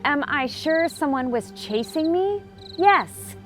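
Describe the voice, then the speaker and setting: A woman's voice: fairly low pitch, fairly quick, creaky. An actress playing a frustrated, sarcastic mother in a film drama. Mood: shaken. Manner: defensive, clipped and sarcastic. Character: frustrated middle-aged mother named Erin. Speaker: actor. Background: film score music.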